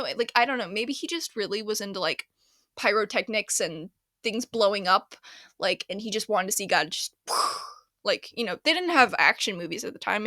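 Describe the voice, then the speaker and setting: Bright-voiced chatty woman podcaster. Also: on the high side, no room sound, clean studio sound. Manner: chatty, laughs often, paraphrases scripture in slangy put-on voices. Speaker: podcast host. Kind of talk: casual solo podcast talk.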